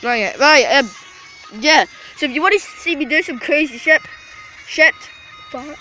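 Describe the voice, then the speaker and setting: High, bright-voiced excitable vlogger man. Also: measured pace, soft background music, low-quality recording. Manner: excitable, swearing, shouting at ducks. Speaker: YouTube vlogger. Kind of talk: casual outdoor vlog. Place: outdoors by a river.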